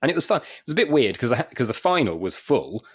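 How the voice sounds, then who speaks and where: A man's voice: medium pitch, very animated, fast, slightly rough. A man in his forties from Wakefield in England, a comedian telling rambling anecdotes in a casual podcast chat, with frequent restarts and chuckles. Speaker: guest comedian.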